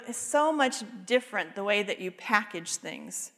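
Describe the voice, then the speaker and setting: A woman's voice: mid-range voice, animated, normal speed, few pauses, fairly bright tone. A woman giving a devotional talk, earnestly retelling a story and quoting its people's words. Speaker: Bible teacher. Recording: long hall reverb.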